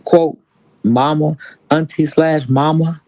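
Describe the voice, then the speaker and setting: Animated man telling a story on a livestream. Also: on the high side, takes it slowly, no echo, low-quality recording. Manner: animated storytelling, acts out quotes. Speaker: stream host. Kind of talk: casual commentary on a livestream.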